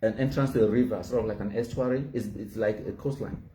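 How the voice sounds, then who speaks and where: A man's voice: fairly low pitch, steady tone, quick pace, warm tone, a little hiss or hum. A man from Cameroon with a Cameroonian Pidgin English accent, chatting casually as a host in a boastful, mocking way and laughing at his own jokes. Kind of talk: casual banter.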